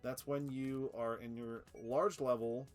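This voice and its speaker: A man streaming a factory game live, excitable and swearing, laughing often and cooing at his cat. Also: medium pitch, unhurried, soft background music. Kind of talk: live gameplay commentary.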